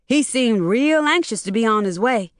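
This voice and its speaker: A woman's voice: fairly high pitch, animated, normal speed, no room sound, studio quality, voice pushed up, close to an everyday voice. A woman voicing a polite, chatty stranger.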